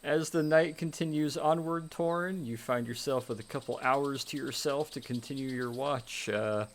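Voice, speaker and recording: A man's voice: mid-range voice, moderate pace, a little hiss or hum. A man narrating as game master of a tabletop game, with loose, rambling descriptions full of fillers.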